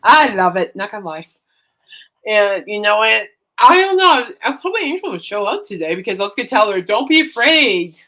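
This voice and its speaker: A woman's voice: mid-range voice, big pitch swings, a little fast, pushed and bright. A woman hosting a casual chat show, rambling and giggling as she tells everyday stories. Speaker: podcast host.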